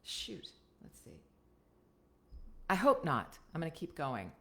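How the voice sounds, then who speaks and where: Speaking slowly in a deep, creaky, slightly bright voice with huge swings in pitch, an American woman offers laid-back voiceover coaching. The talk goes out as a live stream through a computer webcam, and she keeps checking in by ending her points with "right?"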